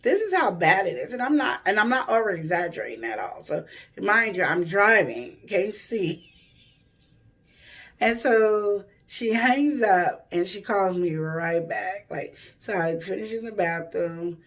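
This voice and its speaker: A woman's voice: medium pitch, animated, unhurried, a bit bright, recorded from a distance. A woman vlogger telling a personal story to camera in a rambling, self-correcting way.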